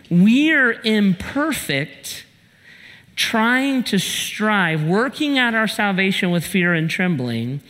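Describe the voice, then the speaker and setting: Guy pastor telling a funny story in his sermon, high voice, echoey church. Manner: animated storyteller, shouts in punchlines. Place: church sanctuary.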